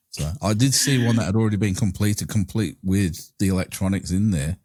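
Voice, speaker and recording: A man's voice: sits low, moderate pace, darkish tone, slightly rough, no room sound, clean studio sound. A man hosting a podcast, chatting casually and laughing easily. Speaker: podcast host. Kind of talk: casual chat.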